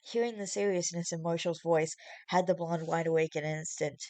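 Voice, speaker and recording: Give me a woman reading fan fiction aloud to a webcam, with casual, chatty asides. Her voice sits a little low. The sound is dry and close. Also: steady tone, fairly quick, darkish tone, dry recording. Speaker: story reader.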